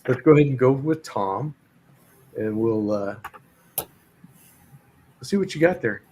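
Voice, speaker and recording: A man's voice: mid-range voice, lively intonation, unhurried, darkish tone, a little hiss or hum. A man hosting a casual live chat, easygoing and hesitant with lots of fillers. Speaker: host.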